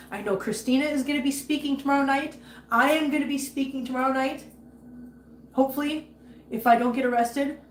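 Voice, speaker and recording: Woman livestream host, higher voice, angry rant mixed with chatty viewer shout-outs; roomy, echoey sound. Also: slight background noise. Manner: angry ranting, greets viewers warmly by name. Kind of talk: casual livestream chat. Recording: echoey room with faint ambience.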